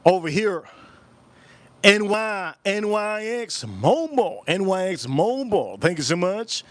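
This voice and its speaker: A man's voice: high-pitched, very animated, unhurried, no echo. A man hosting a casual livestream, rambling and repeating his phrases as he chats with viewers at home. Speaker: livestream host.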